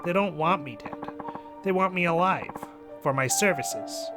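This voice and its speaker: A man reading game lines as an older male fight trainer, slow and heavy, over game music. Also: on the high side, voice pushed up. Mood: weary, earnest. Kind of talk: amateur quote reading of game dialogue.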